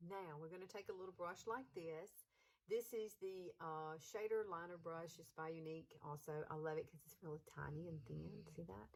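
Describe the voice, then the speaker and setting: Southern woman, 50s, lowish voice, chatty and reassuring makeup-tutorial host. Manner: chatty and encouraging, folksy.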